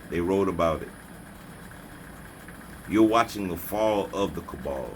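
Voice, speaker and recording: A man's voice: sits low, slight background noise. A man delivering a preachy motivational rant as a spiritual vlogger, scolding and taunting his listeners with repeated slogans. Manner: repeats slogans, mocking laughter.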